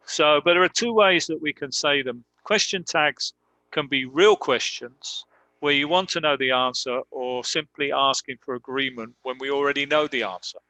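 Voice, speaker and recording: Bright-voiced man teaching English. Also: mid-range voice, dry recording. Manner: explains slowly with many ums, models example sentences. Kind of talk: live online grammar lesson.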